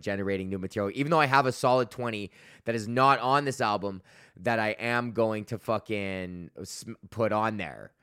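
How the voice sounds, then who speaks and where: A man's voice: on the low side, a bit bright, clear, resonant tone, no room sound, clean studio sound. Profane, rambling man. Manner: profane, filler-heavy storytelling, laughing at his own jokes. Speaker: podcast host and stand-up comedian. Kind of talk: casual rambling monologue.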